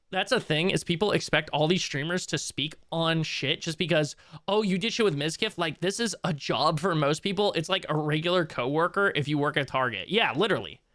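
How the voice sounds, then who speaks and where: A man's voice: a little high, pushed and bright, dry recording, studio quality. A man live-streaming, rambling and swearing as he reacts to a clip and talks to his chat. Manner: rambling, profane, jumps between clip and chat. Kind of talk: casual live-stream commentary.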